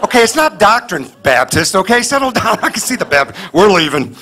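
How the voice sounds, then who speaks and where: Before a live audience and its laughter, a stand-up comedian from the Kansas City area, US, performs a clean set of punchy stories with mock dialogue. His voice is high, sing-song, fairly quick, pushed and bright.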